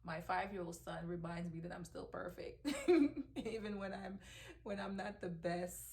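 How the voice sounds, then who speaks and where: A woman's voice: on the low side, little pitch movement, moderate pace, vocal fry. A middle-aged woman, a mother, talking emotionally in a heartfelt personal vlog, with lots of ums and restarts. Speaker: mother vlogger.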